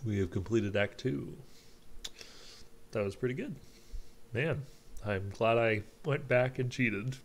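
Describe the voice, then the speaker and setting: A man's voice: medium pitch, slow pace, long pauses, slight background noise. A man casually chatting as he streams a game. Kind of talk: casual gaming commentary.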